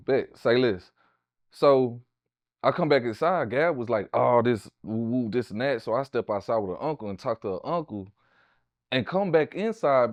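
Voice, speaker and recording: A man from Houston with a Southern Texas accent, a guest telling his life story in a casual, animated, profane way. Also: no room sound. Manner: animated, profane, raises pitch for quoted voices. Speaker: interview guest, tattoo artist.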